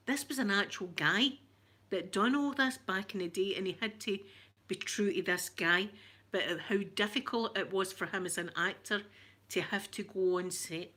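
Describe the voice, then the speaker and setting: A woman's voice: mid-range voice, sharp tone. A woman chatting casually with viewers on a stream, open and emotional about her feelings. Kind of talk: casual chat answering viewers.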